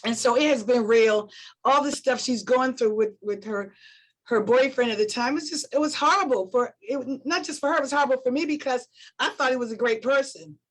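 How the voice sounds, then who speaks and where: A woman's voice: fairly high pitch, a little fast, poor audio. A woman guest on a talk show, speaking earnestly and emotionally about supporting a friend and repeating her points for emphasis. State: emotional, near tears.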